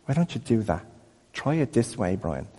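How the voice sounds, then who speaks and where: A man playing a gently coaxing God. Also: medium pitch, sing-song, normal speed, in a large hall.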